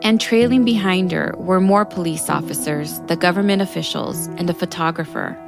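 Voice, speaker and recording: A woman giving calm, scripted podcast narration. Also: on the low side, normal speed, vocal fry. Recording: narration over a music score.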